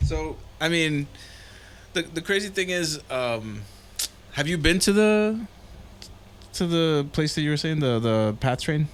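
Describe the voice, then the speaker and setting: A man co-hosting a podcast in casual chat, speaking in a halting way with small restarts. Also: on the high side, animated, smooth. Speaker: podcast co-host.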